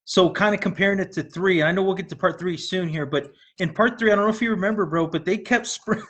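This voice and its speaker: Quick-paced and high-pitched, with a fairly bright tone, a man co-hosting a movie review show rambles through casual chat. He keeps laughing between thoughts and uses plenty of fillers.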